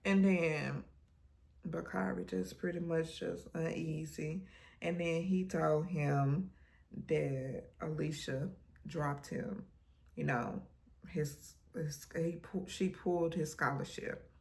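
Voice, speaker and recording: Slow, animated woman recapping a show. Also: low voice, creaky. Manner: animated storytelling, acts out quotes. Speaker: recap vlogger. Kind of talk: casual episode recap.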